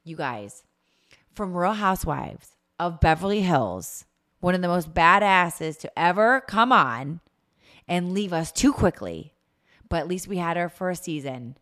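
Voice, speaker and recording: A woman's voice: fairly low pitch, animated, a little slow, fairly bright tone. A woman hosting a podcast in casual chat, gushing and effusive, swearing freely. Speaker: podcast host.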